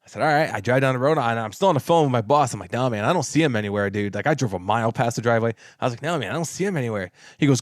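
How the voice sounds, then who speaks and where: A man casually telling a long work story on a podcast, animated, repeating himself and laughing as he acts out what people said, swearing now and then. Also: medium pitch, very fast, few pauses, no echo, studio quality.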